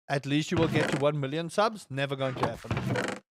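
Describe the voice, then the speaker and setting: A man's voice: medium pitch, fairly quick, heavy background noise. A man streaming a game live, chatting with viewers in a sarcastic, rambling way full of stammered fillers.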